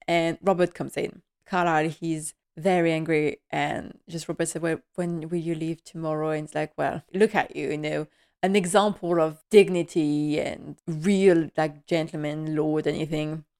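Woman with a slightly low voice, chatty and gushing, for a casual TV recap. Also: fairly even intonation, a little slow, a little mellow, clear, resonant tone. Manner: chatty and gushing, with frequent laughs. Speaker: TV recap vlogger.

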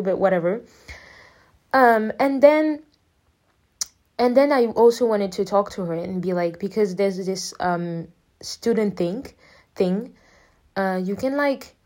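A woman's voice: mid-range voice, darkish tone. A woman in her early twenties telling a personal story in a casual, rambling way, quoting everyone with "I was like.". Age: 20s. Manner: rambling, quotes people with "I was like". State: near tears at times. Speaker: podcast host.

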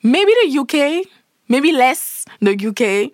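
A woman's voice: high voice, lively intonation, slow pace, no room sound, clean studio sound. A woman from Saint Martin with a Saint Martin Caribbean accent, a guest explaining things in a casual interview, full of examples and restarts. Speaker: guest, platform founder.

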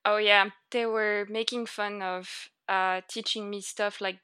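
A young woman with a French accent, chatting casually as an interview guest, laughing often and filling pauses with "uh" and "like". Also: mid-range voice, flat delivery, pushed and bright, clean tone, no room sound.

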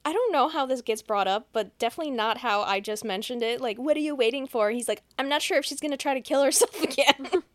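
Woman podcast host, higher voice, dry close mic; casual profane recap, deadpan. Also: fast, dry recording. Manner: profane, deadpan plot retelling. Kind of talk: casual movie recap chat.

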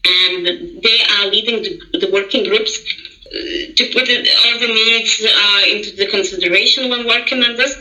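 A woman's voice: medium pitch, normal speed, pushed and bright, echoey room, low-quality recording. A woman, a podcast guest giving earnest, explanatory interview answers and sometimes searching for words. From Lithuania. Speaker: podcast guest, project coordinator.

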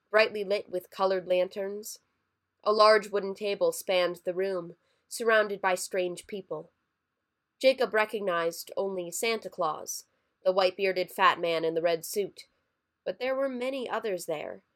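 A woman narrating a dark holiday short story in a measured, expressive reading. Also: medium pitch.

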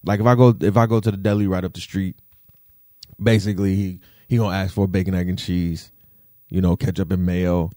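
A man talking in a casual rant, animated, swearing freely and tossing in fillers like "you feel me". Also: deep voice, brisk, no room sound, studio quality. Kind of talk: casual rant, podcast-style chat.

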